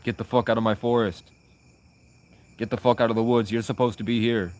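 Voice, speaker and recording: A man's voice: medium pitch, fairly even intonation, a little fast, darkish tone, lightly acted. A man voicing crows that keep cursing at people to leave their woods. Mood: hostile. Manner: repetitive, cursing commands. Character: hostile crows guarding their forest.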